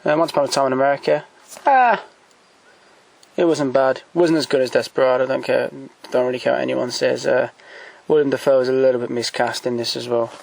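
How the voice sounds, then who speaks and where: Guy chatting about his shelf at home, lots of ums, mid pitch, stop-start. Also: little pitch movement, quick pace, creaky, hardly any pauses, a little mellow, slight background noise, poor audio. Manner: hesitant, many ums and restarts, enthusiastic recommendations. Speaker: collector showing DVDs. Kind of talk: casual off-the-cuff commentary.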